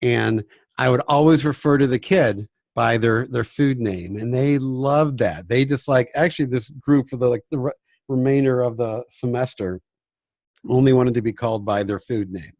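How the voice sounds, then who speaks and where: In clean studio audio with no room sound, a male music teacher speaks at normal speed and medium pitch. His casual talk on classroom behavior is chatty and self-deprecating, with acted examples where he frequently drops into a hush.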